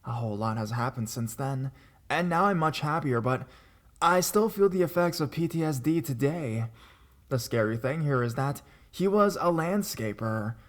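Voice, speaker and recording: Man narrating a horror story dramatically. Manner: dramatic reading that rises in pitch and volume at tense moments.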